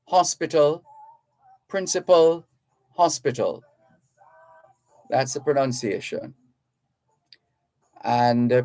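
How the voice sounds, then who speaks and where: A Jamaican man hosting a radio call-in show, reading out listener messages and explaining things in an unhurried way, with fillers and restarts. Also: medium pitch, darkish tone, no echo, low-quality recording. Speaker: radio talk show host. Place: radio studio.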